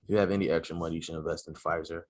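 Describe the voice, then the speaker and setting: A man co-hosting a podcast in quick, playful, teasing banter. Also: low-pitched, fairly even intonation. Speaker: podcast co-host. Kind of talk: casual chat.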